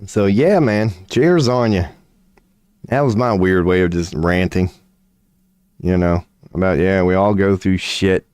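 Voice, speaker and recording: On a casual livestream, a toothless tarot-reading streamer rants to his chat in a low voice that's measured in pace, a little mellow, and clean, with no echo. A dry mouth gives him a slight lisp. He stays loose and profane, laughing at himself as he goes.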